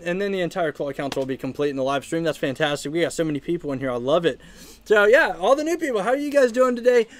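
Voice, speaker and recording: A man hosting a casual live stream from a room at home, chatting upbeat with his viewers and thanking them. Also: a little high. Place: home room with plush pile.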